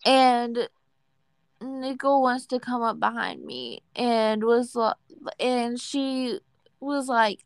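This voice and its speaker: A woman's voice: on the high side, expressive, slow pace, smooth, no echo. A woman co-hosting a casual gossip podcast, telling a story about work in between short replies. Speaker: podcast co-host.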